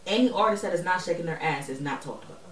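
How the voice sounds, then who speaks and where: A woman co-hosting a podcast in casual chat, talking in an animated, slangy way and laughing often. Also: fairly low pitch, fast, echoey room, distant mic. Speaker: podcast co-host.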